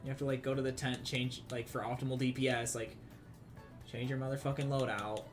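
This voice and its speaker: A man's voice: medium pitch, little pitch movement, fairly quick, music in the background. A man from the Southern United States with a Southern accent, chatting casually and cursing a lot while streaming a game, rambling and laughing. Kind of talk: casual gaming stream chat.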